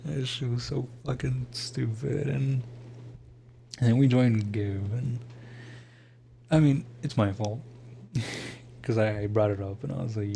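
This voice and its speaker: A man's voice: lowish voice, steady tone, unhurried, creaky, pauses often, dark tone, slight background noise. A young man in a casual, rambling monologue, swearing often and laughing to himself as he reflects.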